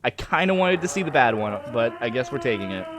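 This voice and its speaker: A man streaming a game, reacting excitably with swearing and laughter while reading the text aloud. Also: medium pitch, fast talker. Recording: noisy stream audio.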